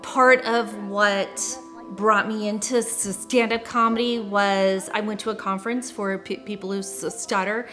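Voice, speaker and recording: A woman's voice: mid-range voice, fairly even intonation, unhurried, fairly bright tone, soft background music. A woman who is a stand-up comedian, talking in a documentary interview and stuttering with repeated sounds and blocks.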